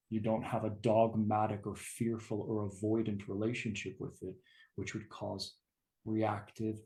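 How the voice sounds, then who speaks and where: A man's voice: fairly low pitch, vocal fry, darkish tone. Earnest man coaching on relationships. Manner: earnest, emphatic, swears casually. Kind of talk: personal teaching talk.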